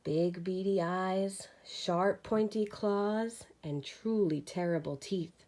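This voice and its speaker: A woman teacher reading a children's storybook aloud with lively expression. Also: medium pitch, slow pace.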